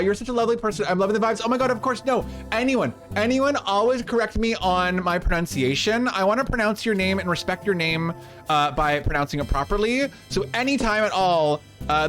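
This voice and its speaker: A man's voice: sits high, fairly bright tone. A man live-streaming a game, chatting casually and rambling as he thanks viewers. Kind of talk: casual live-stream chat while playing.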